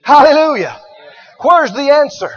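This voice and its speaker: A man's voice: very high voice, big pitch swings, unhurried, highs cut off. A man preaching a sermon who questions the congregation and repeats lines for emphasis.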